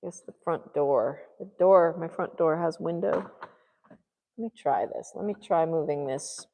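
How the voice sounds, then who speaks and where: A woman's voice: deep voice, measured pace, creaky, mellow, in a large hall. A woman artist vlogging as she paints, musing and muttering to herself and encouraging herself along. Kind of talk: thinking aloud while painting.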